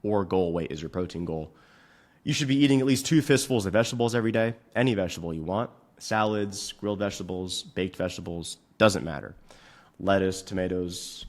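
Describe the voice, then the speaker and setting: A man hosting a fitness podcast, giving blunt, profane advice in a casual way and venting at his software. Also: low voice. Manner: profane, frustrated rants; blunt, rapid instructions. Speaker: fitness coach and podcast host.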